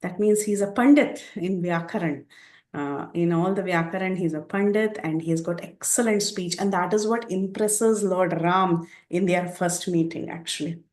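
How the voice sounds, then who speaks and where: A woman teaching a scripture class, retelling the story with lively quoted dialogue. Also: lowish voice, moderate pace, reverberant.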